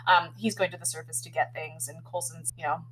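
A woman's voice: deep voice, fairly quick, poor audio. Woman gushing through a tv recap, casual and chatty, says like a lot. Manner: chatty, heavy use of "like" and "um", animated retelling. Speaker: podcast host recapping a TV episode. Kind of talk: casual chat.

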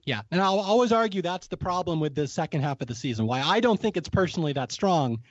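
A talkative man with a fairly high voice hosts a casual podcast chat, recapping with frequent laughs and little acted-out quotes. His voice sits dry and close, with a slightly dull, muffled tone to the recording. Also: lively intonation, fast, no echo. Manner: chatty, laughs often, acts out quotes. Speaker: podcast host.

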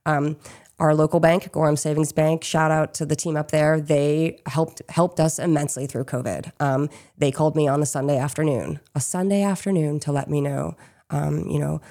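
A woman from Pennsylvania who runs a small business talks through an interview in a loose, conversational way. She fills her pauses with "um" and "you know" as she goes. Her voice sits very low for a woman. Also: mellow. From Chester County, Pennsylvania. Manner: chatty, frequent "um" and "you know". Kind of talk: casual interview answers.

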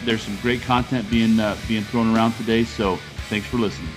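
A man's voice: lowish voice, fairly even intonation, fairly quick, music in the background. Rambling male podcast host at home. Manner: rambling, talks in loose restarts. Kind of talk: casual podcast chat. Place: living room at home.

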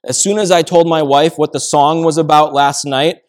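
A man's voice: on the high side, fairly even intonation, normal speed. A man preaching a sermon as pastor, telling everyday stories in a conversational way. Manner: conversational storytelling with acted quotes.

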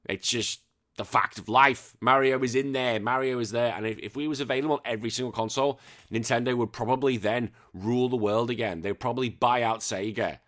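Bright-voiced, excitable man. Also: medium pitch, a little fast. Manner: rambling, excitable, swears freely. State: recovering from illness. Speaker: podcast host. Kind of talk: casual chat.

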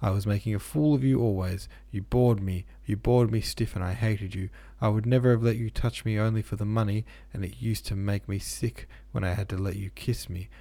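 A man's voice: on the low side, fairly even intonation, brisk, few pauses, mellow. Man voicing a pleading, spiteful young woman. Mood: furious. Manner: wheedling, then spiteful.

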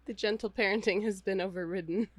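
A woman's voice: mid-range voice, steady tone, quick pace, no echo. A woman co-hosting a podcast in casual chat, wry and playful, laughing often. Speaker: podcast co-host.

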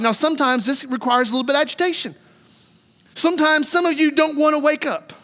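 A middle-aged man preaches a sermon in a notably high, bright voice. He tells stories with animation and circles back on his own phrases. His words carry a long reverb from a large church hall. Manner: animated storytelling, repeats phrases. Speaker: pastor. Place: church sanctuary.

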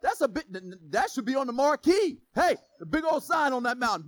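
High-voiced preaching man, lively and joking. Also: brisk, low-quality recording. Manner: energetic, joking, preaching with shouted emphasis. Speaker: pastor. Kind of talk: sermon.

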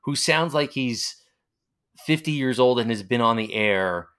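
A man's voice: mid-range voice, lively intonation, a little slow, fairly bright tone, smooth. A man in his forties with a Long Island accent, rambling as he tells nostalgic stories in a casual interview. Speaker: interviewee, former college radio announcer.

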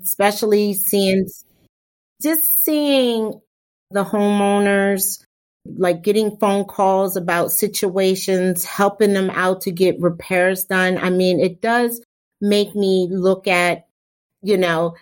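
A woman's voice: mid-range voice, fairly even intonation, slow. A woman who manages a repairs program, speaking candidly and earnestly on a podcast. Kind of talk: podcast conversation.

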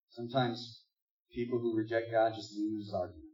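A man's voice: lowish voice, level tone, normal speed, darkish tone. A man preaching a sermon in a conversational, joking way, reading scripture aloud between asides. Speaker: pastor. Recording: distant echoey dull room recording.

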